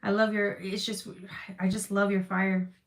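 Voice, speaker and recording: A woman doing a live tarot reading for her chat speaks at a measured pace in a medium-pitched voice with little pitch movement. She is forceful yet reassuring, repeating phrases and swearing casually, and becomes emotional, close to tears at times.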